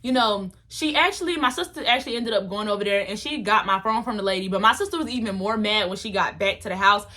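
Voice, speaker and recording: A young woman telling a storytime vlog story in an animated, dramatic, slangy way. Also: mid-range voice, fast talker, few pauses. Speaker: vlogger.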